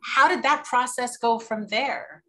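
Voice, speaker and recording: A woman's voice: on the high side, unhurried, pushed and bright. A woman interviewing a guest, speaking conversationally and sometimes searching for her words.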